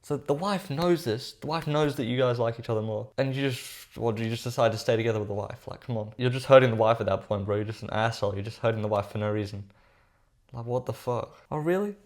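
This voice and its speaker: A man's voice: medium pitch, steady tone, fast, a little mellow. A man giving casual reaction commentary, sarcastic and profane, calling his viewers bro.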